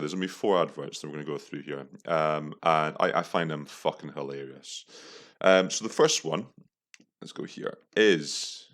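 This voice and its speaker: A young male podcast host with a low, gravelly, slightly bright voice reacts to adverts. His casual commentary is profane, incredulous and mocking.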